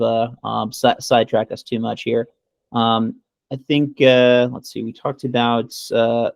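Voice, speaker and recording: A man's voice: mid-range voice, a little mellow, dry recording. A man co-hosting a podcast in casual chat, giving sarcastic mock praise and rambling with many fillers. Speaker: podcast co-host.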